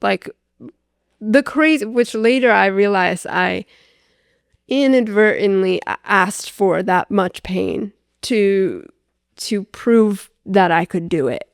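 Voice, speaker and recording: A young adult woman telling her own story as a podcast guest, animated and full of "like" fillers as she acts out what others said. Her voice sits at a middle pitch. The sound is dry and close. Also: slow, gravelly, clean tone, no room sound. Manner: animated, filler-heavy, re-enacts dialogue. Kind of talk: candid personal storytelling.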